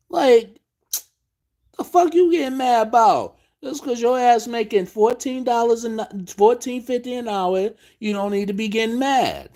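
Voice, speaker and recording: A man's voice: very high-pitched, expressive, normal speed, mellow. A man hosting a late-night live stream, ranting in a profane, exasperated way.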